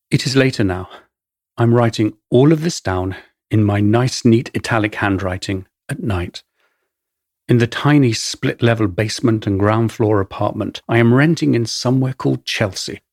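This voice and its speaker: A man with an English accent narrates his own memoir in a wry, measured storytelling manner. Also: lowish voice, darkish tone, dry recording, studio quality. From England. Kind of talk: first-person memoir narration.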